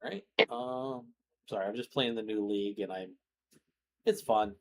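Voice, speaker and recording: A man's voice: fairly low pitch, a little slow, a little hiss or hum. A young man hosting a gaming stream, chatting casually and greeting viewers as he plays. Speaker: streamer host.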